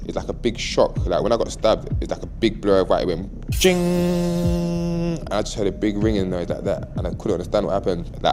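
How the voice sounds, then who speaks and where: A man with a London accent telling his story in an interview, animated and slangy, swearing freely. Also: sits low. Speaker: interviewee, knife crime campaigner. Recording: music playing under the voice. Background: music.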